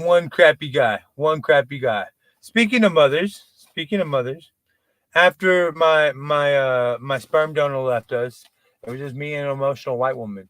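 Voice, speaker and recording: A man's voice: fairly high pitch, dry recording. A man in his forties doing open mic stand-up, rambling, self-deprecating and profane. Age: 40s. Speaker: stand-up comedian.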